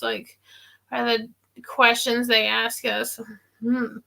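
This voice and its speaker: Giggly woman with a gravelly edge. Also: a little high, flat delivery, takes it slowly, pushed and bright. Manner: giggly, rambling, lots of fillers. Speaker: pharmacy worker. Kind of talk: casual live-stream chat.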